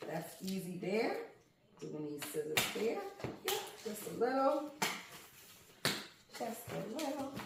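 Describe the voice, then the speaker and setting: A woman with a fairly high voice gushes over each skein of yarn she unpacks in a casual unboxing vlog from home. The crafting vlogger is recorded in a very echoey room, with background noise.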